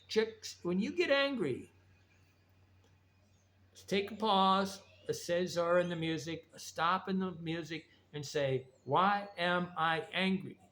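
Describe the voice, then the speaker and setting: A man's voice: a little high, fairly bright tone. A man giving a blunt, rambling, preachy monologue about recovery and trauma. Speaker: vlogger. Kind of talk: casual monologue. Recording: faint background noise.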